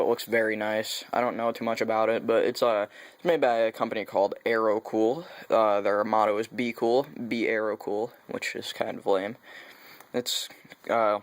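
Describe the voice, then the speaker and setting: A man's voice: fairly low pitch, no echo. A young man vlogging a casual, rambling overview of his computer parts, correcting himself and making sarcastic asides. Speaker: YouTube vlogger. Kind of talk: casual tech hardware overview.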